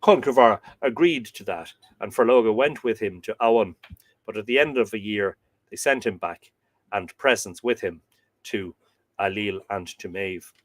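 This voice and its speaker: A man's voice: lowish voice, dry recording. Man reading old myths aloud. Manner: reads aloud, then breaks off into chatty, halting asides. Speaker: podcast host reading myths. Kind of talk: live storytelling reading with asides.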